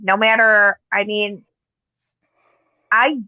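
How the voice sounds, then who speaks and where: A woman's voice: mid-range voice, steady tone, unhurried, dry recording. Woman guest on a call line, heated and profane, tinny and dry. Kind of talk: casual chat. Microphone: phone or call line.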